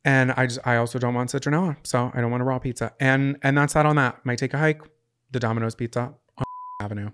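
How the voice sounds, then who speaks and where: A man co-hosting a podcast in casual chat, telling stories in an animated, sarcastic way, with swearing. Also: medium pitch, fast, clear, resonant tone. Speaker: podcast co-host.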